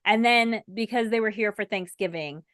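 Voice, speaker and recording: A woman's voice: medium pitch, moderate pace, fairly bright tone, no room sound, clean studio sound. A woman co-hosting a casual chat, talking easily and laughing often. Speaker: co-host.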